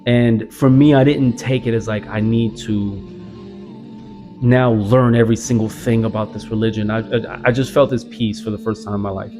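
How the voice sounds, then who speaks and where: A young Southern American man shares his story as a convert, speaking earnestly and reflectively with lots of "like" fillers. His mid-range voice stays steady at a normal speed, though strong background music plays throughout.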